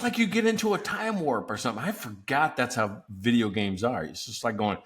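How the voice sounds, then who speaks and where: A man's voice: medium pitch, expressive, brisk, few pauses, a bit bright. A man hosting a casual business podcast, telling stories animatedly and laughing often. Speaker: podcast host. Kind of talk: casual chat.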